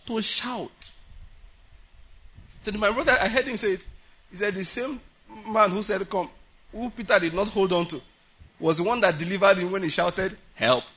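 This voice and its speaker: A man preaching a sermon at a prayer meeting, animated, often laughing and acting out the voices he quotes. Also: high-pitched, normal speed, pauses often, breathy edge.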